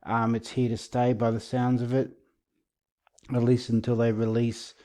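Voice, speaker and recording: Male video host, warm low-key tone, easygoing sarcastic delivery. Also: normal speed. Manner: relaxed, self-aware, a bit sarcastic. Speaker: channel host. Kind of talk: casual commentary video.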